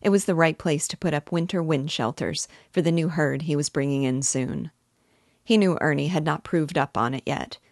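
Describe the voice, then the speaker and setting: A woman narrating a novel aloud in a steady, measured way. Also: low voice, no echo, clean studio sound.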